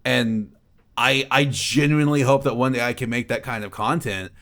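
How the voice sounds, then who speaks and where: A man's voice: medium pitch, normal speed, fairly bright tone. A young man chatting casually as a podcast co-host, rambling with lots of fillers and frequent laughter. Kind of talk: casual chat.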